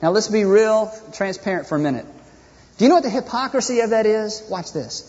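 A man's voice: high-pitched, fairly quick, a little mellow. A man preaching a sermon as pastor, impassioned and rhetorical, acting out people's prayers. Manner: impassioned, rhetorical, acts out prayers in mocking voices. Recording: dull echoey hall.

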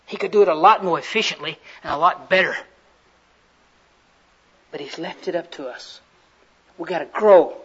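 A man's voice: on the high side, moderate pace, long pauses, fairly bright tone, breathy edge. A man preaching a sermon in a fervent, folksy storytelling way. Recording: slightly muffled recording.

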